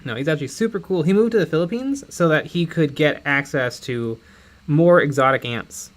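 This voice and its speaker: A man's voice: on the high side, animated, moderate pace. Joking man reading out viewer chat. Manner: joking, reads chat names aloud. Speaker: co-host of a painting stream. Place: home studio while painting.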